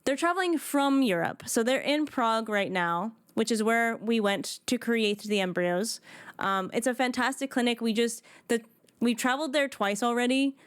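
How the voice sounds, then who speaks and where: Woman streamer in her thirties, excitable chatter, slightly high, smooth voice, dry sound. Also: normal speed, no room sound. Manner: chatty and excitable, with frequent restarts. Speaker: game streamer. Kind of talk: casual live-stream chat.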